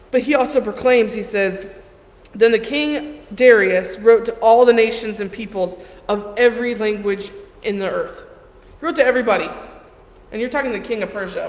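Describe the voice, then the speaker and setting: A woman preaching a sermon in a conversational way, playfully acting out the Bible figures in short bursts. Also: a little high. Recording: echoey hall with long reverb and faint noise.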